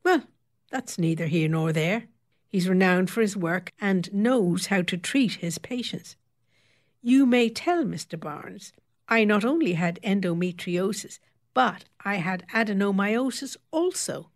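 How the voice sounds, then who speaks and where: A woman's voice: medium pitch, expressive, a little slow. A woman voicing a beautician in her fifties who speaks in a tart, sweetly cutting way.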